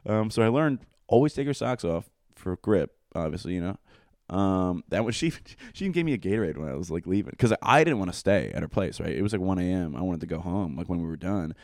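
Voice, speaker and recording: Low-voiced fast-talking young guy. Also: animated, darkish tone, dry recording, clean studio sound. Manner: rambling, profane, full of fillers. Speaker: guest telling a story. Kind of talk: casual storytelling chat.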